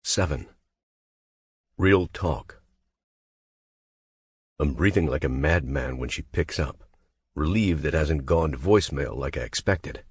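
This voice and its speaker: A man's voice: rumbling low, measured pace, long pauses, husky, dry recording, studio quality. A man narrating a romance audiobook in the first person, with an intense, clipped, brooding delivery.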